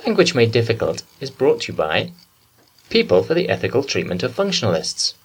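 A man's voice: mid-range voice, huge pitch swings, brisk, husky, low-quality recording. A man putting on the voice of an ad announcer reading a spoof sponsor message. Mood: solemn. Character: deep-voiced male ad announcer, solemn. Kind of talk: spoof ad read.

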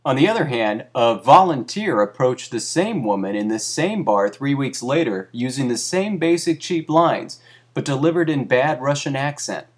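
Brief: man, deadpan comic narration, dry lecturing tone, mid pitch. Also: moderate pace. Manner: dry, mock-academic delivery. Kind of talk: deadpan comic reading of a satirical article.

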